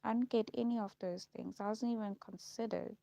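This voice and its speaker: Woman recounting school memories, gravelly. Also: mid-range voice, steady tone, a little fast, mellow, dry recording. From South Africa. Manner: repetitive, listing recollections with frequent ums. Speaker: vlogger. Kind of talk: personal storytelling. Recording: dull lo-fi recording.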